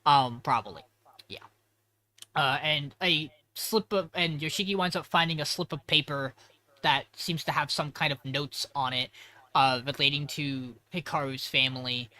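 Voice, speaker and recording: Bright-voiced man rambling through a recap. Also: fairly high pitch, moderate pace. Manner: rambling, profane, self-correcting. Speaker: podcast co-host. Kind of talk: casual episode recap.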